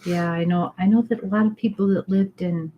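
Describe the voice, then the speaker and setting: A woman co-hosting a casual conversation, chatting freely and then slowing into a calm, measured reading of a spiritual text. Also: mid-range voice, lo-fi sound, a little hiss or hum. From Irish heritage, not accent. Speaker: co-host reading spiritual texts. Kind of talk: casual chat and reading aloud.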